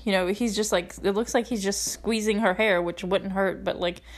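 A woman's voice: mid-range voice, steady tone, moderate pace, a little hiss or hum. Giggly rambling young woman recapping a movie. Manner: rambling, giggly, lots of "like" fillers. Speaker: movie reviewer. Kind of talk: casual chatty movie recap.

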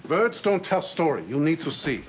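An actor playing a doctor with a heavy German accent in a TV drama, speaking in clipped, broken phrases. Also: male voice, a little high, very animated, normal speed, background noise. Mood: deadpan. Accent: German (put on).

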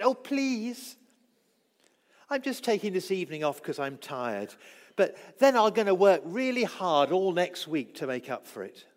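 A high-voiced man delivers a sermon with a very lively, rising and falling delivery. He acts out the quoted voices and swings between loud and hushed. His voice rings with the long echo of a church hall. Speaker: preacher.

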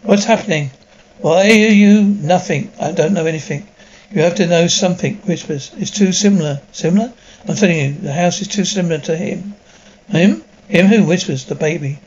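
A man's voice: sits high, moderate pace, darkish tone, dull audio. A man reading a dubbed drama aloud, speaking the sound cues between the lines.

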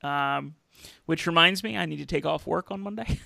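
A man's voice: fairly high pitch, moderate pace, creaky, bright, forceful tone, dry recording. A man hosting a casual wrestling podcast, chatty, with many fillers and restarts. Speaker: podcast host.

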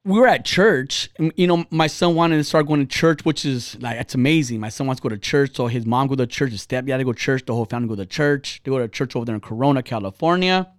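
A man's voice: medium pitch, fast, few pauses, dry recording, clean studio sound. A man hosting a podcast, telling personal stories in a blunt, profane, heated way. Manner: animated and heated. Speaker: podcast host. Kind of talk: casual chat.

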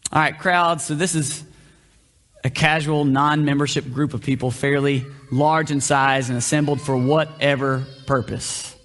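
A male pastor preaching a conversational sermon, often asking the room questions. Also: on the high side. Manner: conversational, asks the room questions, varies pace. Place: church hall. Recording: long reverb of a hall.

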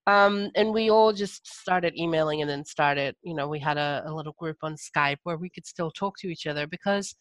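A woman's voice: deep voice, moderate pace, hardly any pauses, dry recording. A Scottish woman with a slight cold, talking casually in an interview, chatty and full of small hesitations. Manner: chatty, hesitant with frequent ums and restarts. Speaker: podcast host and interviewee.

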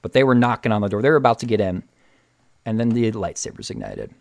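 A man casually retelling a TV episode with excitement, often restarting and repeating words. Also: on the low side, quick pace, vocal fry, dry recording, studio quality. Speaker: show recap host.

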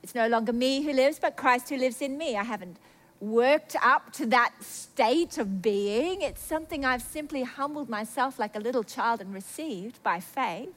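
Woman preacher, high voice, chatty and self-mocking, goes quiet then gets all excited. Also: moderate pace. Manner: chatty and confessional, self-mocking, swings between hushed and excited. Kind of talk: sermon with personal stories.

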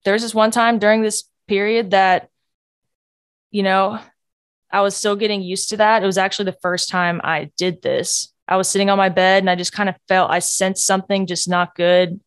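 A woman hosting a podcast, telling a personal faith story in an earnest, candid way that often drops to a hush. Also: medium pitch, steady tone, normal speed, smooth, no room sound, clean studio sound. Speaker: podcast host.

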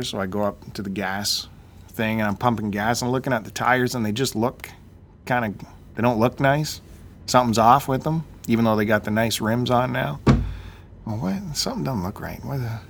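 A man's voice: mid-range voice, moderate pace, slight background noise. Ranting man telling a story. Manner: animated, ranting, acts out quotes. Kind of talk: casual storytelling.

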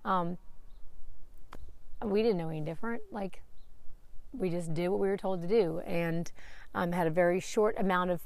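A woman's voice: on the low side, moderate pace, gravelly, long pauses, a little mellow. A woman in her late thirties hosting a podcast, talking openly and emotionally in a candid personal monologue, and swearing freely. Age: 30s. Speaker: podcast host.

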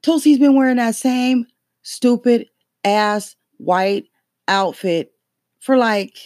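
A podcast host in a casual political rant, talking in a profane, heated, emphatic way with sudden leaps in pitch when outraged. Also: slow pace, a little mellow, no echo, clean studio sound.

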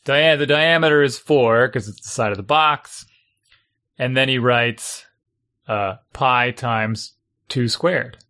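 A middle-aged man in casual chat, a parent venting about homework in an exasperated, animated way. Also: mid-range voice, slow.

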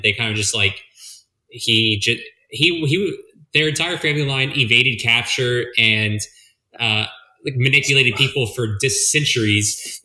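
Bright, roomy-sounding casual man. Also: medium pitch. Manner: rambling, profane, animated storytelling. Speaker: podcast co-host. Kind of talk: casual movie review chat.

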